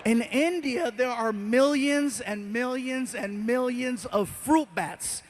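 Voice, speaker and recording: A man doing stand-up comedy, telling a story in an animated way and acting out the voices of the people in it. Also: extremely high pitch, slow, slight background noise.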